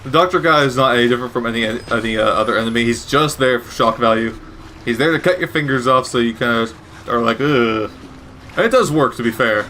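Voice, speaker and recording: A man's voice: medium pitch, quick pace, pushed and bright, a little hiss or hum. A man giving casual, rambling gameplay commentary with wry asides and frequent self-corrections. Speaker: gaming commentator.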